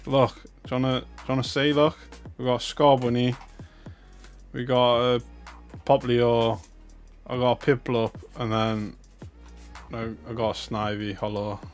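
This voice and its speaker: Unhurried and pausing often, a young man from North East England opens cards on a livestream, talking glumly and making fun of himself. His mid-range voice stays level, and soft background music plays.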